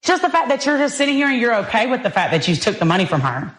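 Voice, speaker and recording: A woman's voice: on the high side, sing-song, very fast, a bit bright. A woman on a reality show in a heated family argument, confrontational and insistent. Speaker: reality show cast member.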